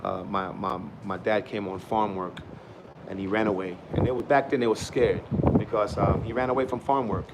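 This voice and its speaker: A man's voice: on the low side, fairly even intonation, normal speed, heavy background noise. Rambling middle-aged man preaching to camera. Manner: rambling, preachy, swings from loud sermonizing to quiet musing. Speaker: vlogger. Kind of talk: casual preaching vlog.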